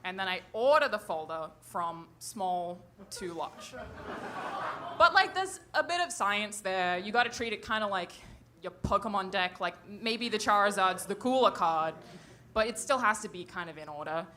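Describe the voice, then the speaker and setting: Brash, bright-voiced woman doing stand-up. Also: mid-range voice, lively intonation, normal speed, a little hiss or hum. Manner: brash, profane, laughs at her own jokes. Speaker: stand-up comedian. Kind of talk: stand-up comedy set. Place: comedy stage before a live audience.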